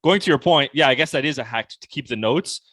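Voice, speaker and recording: A man's voice: medium pitch, fast talker, dry recording. Young guy on a podcast, chatty, says "like" a lot, dry sound. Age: young adult. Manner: casual, animated, heavy use of "like". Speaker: podcast guest, sales coach. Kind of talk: conversational podcast interview.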